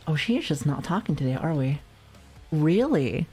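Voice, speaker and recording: With soft background music behind her, a woman streamer speaks in a deep, darkish, breathy voice, very animated yet a little slow, pausing often. Her casual chat with viewers is playful and giggly, full of laughter and light swearing.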